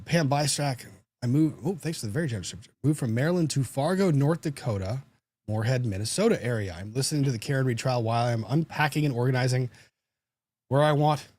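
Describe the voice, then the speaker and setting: Brief: male lawyer host, mid pitch, dry close sound, wry banter with chat. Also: darkish tone, slightly rough, no room sound. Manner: joking, self-deprecating, chatty. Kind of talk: casual livestream chat, reading viewer comments.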